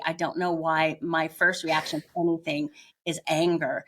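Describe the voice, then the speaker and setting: A woman's voice: low-pitched, brisk, fairly bright tone. An older woman, a retired teacher now teaching yoga, candidly telling her own story as an interview guest and searching for her words as she goes. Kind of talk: reflective personal storytelling.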